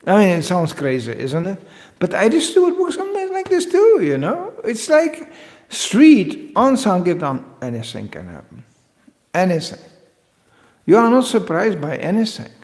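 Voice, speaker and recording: A man giving a lecture on scripture, telling playful anecdotes and swinging between loud and soft. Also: sits high, huge pitch swings, normal speed. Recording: lecture hall reverb.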